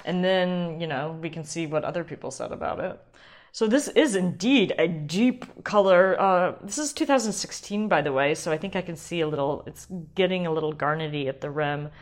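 A woman hosting a wine podcast alone, talking casually and excitably and often sidetracking herself. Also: lowish voice, moderate pace. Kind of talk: casual solo wine talk.

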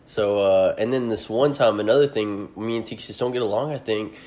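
A young man in his twenties with a low voice tells loose, rambling stories on a podcast. He swears a lot, leans on "like", and acts out what other people said. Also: brisk, a little mellow. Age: 20s. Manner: rambling profane storytelling, acts out quotes. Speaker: podcast host. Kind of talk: casual podcast chat.

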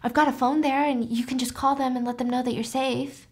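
A woman's voice: sits high, little pitch movement, fairly quick. A woman voicing an obsessive, earnest young male stalker in a casual recap. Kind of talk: casual recap with quoted lines.

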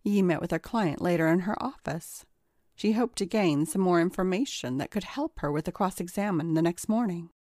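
A woman narrating a story in a steady, even storytelling manner. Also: on the low side, brisk, no echo, clean studio sound. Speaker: audiobook narrator. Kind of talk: scripted narration.

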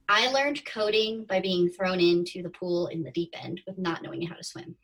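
Woman, 30s, podcast guest, casual storytelling, breathy voice, set back from the mic. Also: lowish voice, normal speed, few pauses, fairly bright tone. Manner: chatty, acts out her own past thoughts in quotes. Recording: distant from the mic.

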